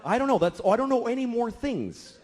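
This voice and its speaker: A male stand-up comedian doing a routine in animated, exasperated rants. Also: very high-pitched, fairly quick, a little hiss or hum.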